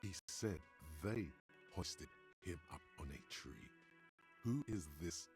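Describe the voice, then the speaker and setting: A man's voice: expressive, takes it slowly, darkish tone, soft background music, heavily acted. A man voicing a game's second-person narrator, telling the action in a dry, wry way. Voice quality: very deep, gravelly, husky. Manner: dry, wry, gravelly storyteller. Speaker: game narrator.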